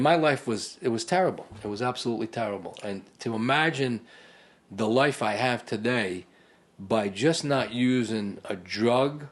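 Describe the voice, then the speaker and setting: A middle-aged man, a podcast guest, telling a long personal story in casual conversation and acting out what others said. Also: medium pitch. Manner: animated storyteller who acts out other people's lines.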